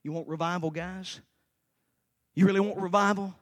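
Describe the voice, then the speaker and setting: A preacher in his forties giving a sermon, telling his own story and swinging from quiet storytelling to slow, shouted fervor. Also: sits high, fairly even intonation. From Tennessee. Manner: shouts and slows down in the fervent parts, quiet and fast in the storytelling.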